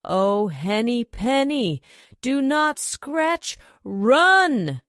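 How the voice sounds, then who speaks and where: A woman's voice: lowish voice, big pitch swings, slow, dry recording, clean studio sound, full character voice. A woman voicing a small, panicky female chick in a storybook, urgent and alarmed.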